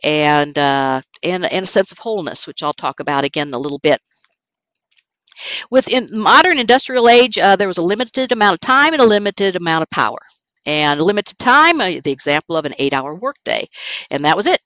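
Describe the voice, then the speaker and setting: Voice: mid-range voice, fairly bright tone, dry recording, poor audio. Conversational online course lecturer, dry sound. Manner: conversational lecturing with informal asides. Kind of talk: recorded lecture presentation.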